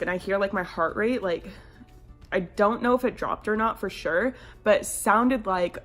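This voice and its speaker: A young woman in her twenties chats to camera in a rambling storytime, stacking "like" after "like". Her voice sits at an ordinary pitch, and she leaps into animated quoted voices now and then. Soft music plays faintly behind her. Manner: chatty, lots of "like" fillers, animated quoted voices. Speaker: vlogger. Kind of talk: casual storytime.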